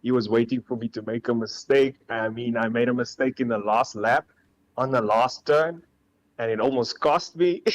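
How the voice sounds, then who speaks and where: A man's voice: medium pitch, normal speed, lo-fi sound. A man who has just won a sim racing event, answering interview questions and laughing with happiness. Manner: overjoyed, laughing between words. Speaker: winning sim racing driver. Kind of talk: post-race interview over a call.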